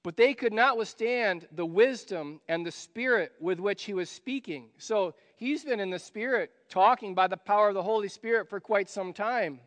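A man preaching a sermon in a conversational way, asking rhetorical questions and swinging between loud emphasis and quiet asides. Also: high voice, moderate pace, few pauses, big-room sound. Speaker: pastor.

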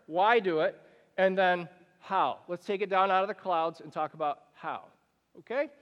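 A man delivers a sermon from the pulpit in a bright, high-set voice. He talks to the congregation like a friend, slipping into quick acted-out scenes. His words ring out with a long hall reverb. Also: lo-fi sound. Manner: animated, conversational preaching with acted-out examples. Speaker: pastor.

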